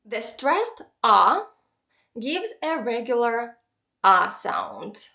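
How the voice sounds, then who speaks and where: A woman teaching pronunciation, explaining each sound slowly and carefully. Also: on the high side, sharp tone. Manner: slow, careful, clearly spelling out sounds. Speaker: Russian language teacher. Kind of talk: pronunciation lesson.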